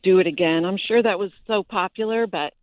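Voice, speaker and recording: A woman's voice: mid-range voice, brisk, no echo. A polite woman from the area, calling in to a talk show with a hesitant manner. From Boston area. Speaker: caller. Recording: tinny phone line.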